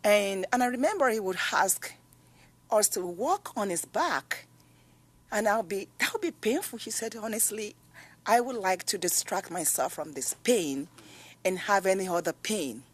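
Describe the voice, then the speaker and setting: Woman advocate giving testimony, earnest, mid pitch, gets emphatic. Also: expressive, unhurried. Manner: earnest, recounting stories, rising to emphatic. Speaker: witness and patient advocate. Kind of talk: testimony at a hearing.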